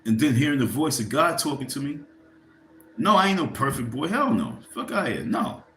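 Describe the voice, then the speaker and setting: A man in the middle of a rambling, profane livestream rant, his voice at an ordinary mid pitch. He turns to his viewers now and then and asks them for likes. The room around him adds a clear echo, with a faint hiss underneath. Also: very animated, fairly quick, a bit bright. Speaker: livestream host. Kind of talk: casual ranting commentary.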